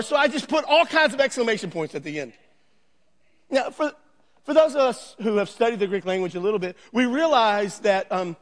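A man's voice: sits high, in a large hall. A man preaching a sermon, earnest, with repeated phrases, building now and then to a raised, emphatic voice. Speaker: pastor.

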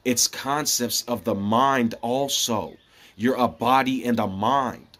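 A man in a casual spiritual monologue, rambling and earnest, often dropping to a soft hushed voice. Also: medium pitch, slow pace. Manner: rambling and earnest, with many fillers and restarts. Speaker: vlogger.

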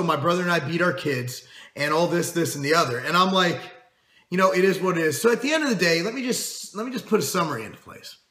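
Middle-aged man, fitness host, bright forceful voice, blunt and profane, echoey room. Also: high-pitched. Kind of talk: casual monologue to camera.

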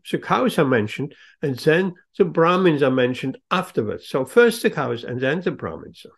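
A man giving a devotional lecture, telling a story slowly and stressing key words. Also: a little high, creaky. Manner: slow, emphatic, leans on key words.

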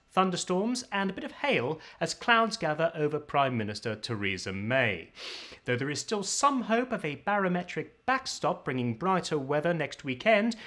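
A man's voice: a little high, fairly bright tone. A man putting on an upper-class English accent to play a pompous TV newsreader, with a tight, throaty sound and a clenched, falsely reassuring delivery. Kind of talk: comedic newsreader parody.

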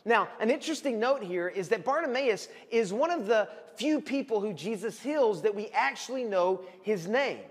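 A man, a pastor preaching a sermon and telling the story vividly, at times calling out loudly as the people in it. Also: high-pitched, moderate pace, few pauses, husky. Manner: animated storytelling, acts out shouting voices. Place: church hall. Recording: long hall reverb.

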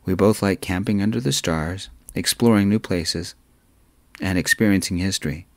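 A gentle, adventurous young man speaks softly and kindly, a man voicing him in his own low register. The sound is close and dry, with no room echo. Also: moderate pace.

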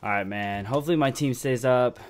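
A young man giving casual, excitable commentary over a shooter game, cursing freely and tagging "man" onto his lines. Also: mid-range voice, fairly quick. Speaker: gameplay commentator.

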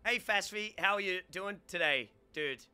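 A young man streaming casually, excitable and prone to stammering and restarting words. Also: sits high, moderate pace. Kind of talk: casual live-stream chat.

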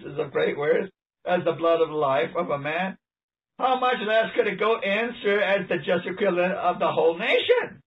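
Animated, emphatic male preacher. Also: high-pitched, a little slow. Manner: animated, emphatic, laughing often. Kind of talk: sermon with read-aloud passages. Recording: distant mic, dull lo-fi sound.

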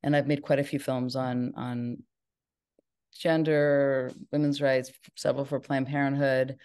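A woman's voice: extremely low pitch, flat delivery, unhurried, darkish tone, clean tone. A middle-aged woman from Northern California, a filmmaker guest in an interview, telling her story in a rambling way with many restarts.

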